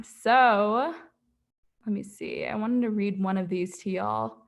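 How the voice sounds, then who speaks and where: A young woman presenting her portfolio on a livestream, casual and chatty with lots of filler words. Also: mid-range voice. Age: young adult.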